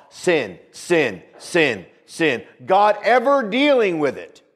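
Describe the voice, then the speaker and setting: A man preaches a sermon, his slightly high voice swooping up and down. He hammers points home by repeating them and keeps asking the congregation for an amen. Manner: preaching with rising and falling emphasis, repeats phrases, calls for amens. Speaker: pastor.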